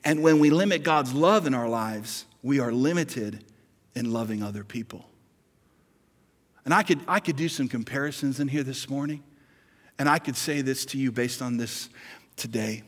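A man preaching a sermon as pastor, conversational and animated, building to emphatic peaks. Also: mid-range voice, normal speed, long reverb tail.

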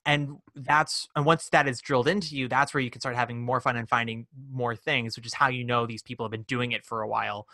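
A man co-hosting a casual chat about a musical, animated and acting out quoted lines. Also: fairly quick, few pauses, dry recording, clean studio sound. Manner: animated, acts out quoted lines in high voices. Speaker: podcast co-host.

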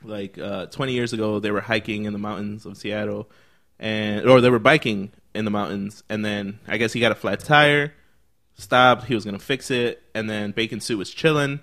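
A man's voice: fairly low pitch, moderate pace. Young man telling a rowdy story. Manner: animated storyteller, acts out other people's lines, swears a lot. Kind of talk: casual chat.

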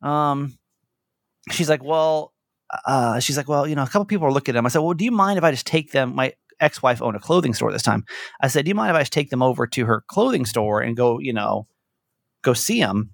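A man's voice: medium pitch, animated, a little fast, creaky, no room sound, clean studio sound. A man hosting a podcast, telling a rambling, emotional story in casual chat. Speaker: podcast host.

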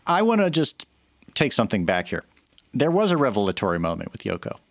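A man's voice: lowish voice, huge pitch swings, brisk, vocal fry, no room sound, studio quality. A man cohosting a podcast, chatting casually and giving strong opinions with many restarts, into a microphone. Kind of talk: casual chat. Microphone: studio microphone.

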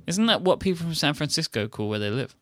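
A man's voice: fairly high pitch, animated, fast, fairly bright tone, no echo. Man, podcast host, joking, playful, dry recording. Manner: joking, teasing, playful exaggeration. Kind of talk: casual banter.

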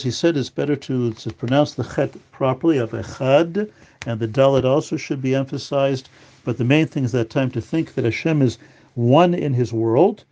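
Mellow-voiced man teaching a religious text. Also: medium pitch, highs cut off. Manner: reads Hebrew text aloud, then explains it in English. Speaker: Torah teacher. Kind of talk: religious law lesson.

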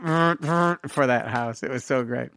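A middle-aged man, a filmmaker guest, telling lively anecdotes in a casual interview and acting out quoted dialogue. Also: medium pitch, slow, creaky.

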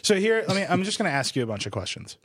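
A man's voice: sits high, sing-song, rapid-fire, a bit bright. A man hosting a casual tech podcast, rambling and laughing a lot. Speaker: podcast host. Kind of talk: casual chat.

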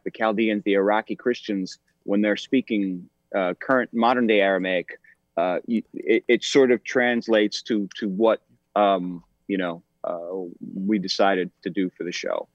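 Male actor guest, mid-pitched, halting and thoughtful, dry slightly muffled studio sound. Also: no echo. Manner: thoughtful, hesitant, many fillers. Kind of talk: conversational interview.

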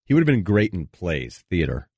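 A man's voice: low voice, big pitch swings, moderate pace, a little mellow, slightly rough, no echo. A man with a Boston accent hosting casual sports talk radio, joking in loose, self-deprecating banter.

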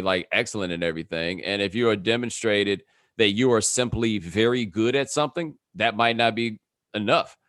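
A man's voice: lowish voice, fairly bright tone, dry recording, studio quality. A man talking casually as a podcast guest, telling stories and laughing often. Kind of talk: casual chat.

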